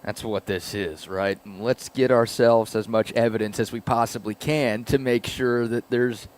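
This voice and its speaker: A man's voice: medium pitch, fairly even intonation, normal speed, darkish tone. A man co-hosting a morning sports radio show, leading segments with dry, teasing banter. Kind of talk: casual sports talk. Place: radio studio.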